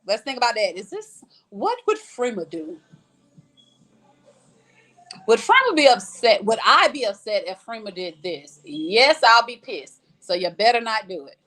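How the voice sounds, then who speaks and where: A woman's voice: fairly high pitch, a little slow, soft background music. A woman hosting a casual livestream chat who reads out viewer comments and answers them bluntly, with lots of swearing. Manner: blunt, profane and animated, reading out comments.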